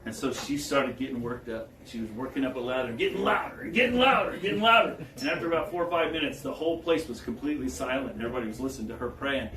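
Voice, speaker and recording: A man giving a public talk, telling stories in an animated way and chuckling as he goes. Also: mid-range voice, rapid-fire, few pauses. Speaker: guest speaker. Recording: echoey room, distant mic, faint background noise.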